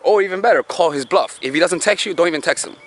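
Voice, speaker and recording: A man's voice: high voice, quick pace. A man giving dating advice in a casual monologue, talking in a conversational way with swearing and lots of rhetorical questions. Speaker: dating coach.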